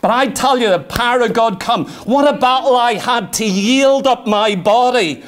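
A man's voice: very high voice, moderate pace, a bit bright. A middle-aged man preaching a sermon, fervent, full of rhetorical questions and arguing aloud with himself.

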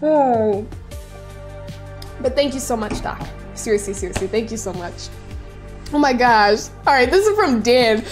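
A young woman chatting on a live stream, voice sitting high and bright in pitch. She gushes freely and excitably, laughing easily between phrases. Soft music plays faintly under her. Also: unhurried, long pauses. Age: young adult. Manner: effusive and excitable, often laughing. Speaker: streamer reading viewer messages. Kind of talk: casual live-stream chat.

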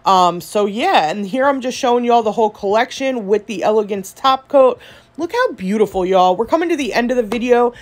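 A woman's voice: fairly high pitch, expressive, fairly quick. A woman nail vlogger, gushing in a chatty casual product review full of fillers.

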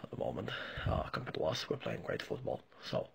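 A man impersonating a gloating middle-aged football manager with a raspy drawl and many hesitant pauses. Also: rumbling low, big pitch swings, a little hiss or hum, full character voice. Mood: smug. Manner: hesitant, full of drawn-out pauses.

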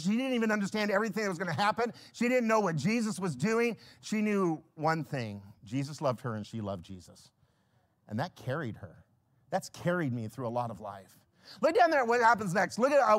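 A man preaching a sermon as pastor, telling Bible stories with humor and acting out the characters, dropping to a hush and then rising to a shout. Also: sits high. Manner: animated, swings from hushed to shouting when quoting scripture; storytelling, acts out biblical characters with humor.

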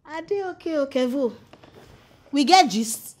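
An actress playing a bossy, wealthy wife and employer with a Nigerian accent, who talks in a commanding way. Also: female voice, high-pitched, lively intonation, moderate pace, reverberant. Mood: suspicious. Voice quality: commanding, breaks into loud laughs.

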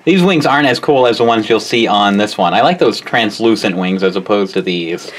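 A man's voice: fairly low pitch, expressive, a little fast. Chatty guy co-hosting a toy review, voice bounces up and down a lot, teasing. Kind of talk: casual chat.

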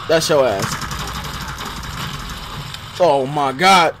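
A male streamer with a somewhat high voice and an unhurried delivery gives live gameplay commentary. He mutters quietly to himself, then suddenly bursts out loud, and greets his viewers in easy slang. A faint hum sits in the background. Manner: excitable, swings from muttering to loud outbursts; chatty with viewers, casual slang.

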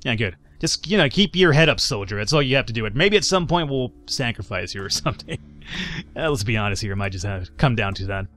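A man's voice: medium pitch, animated, a little fast, pushed and bright, soft background music. Chatty man narrating a game. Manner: casual, chatty, does character voices for dialogue. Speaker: gaming YouTuber. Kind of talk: let's play commentary.

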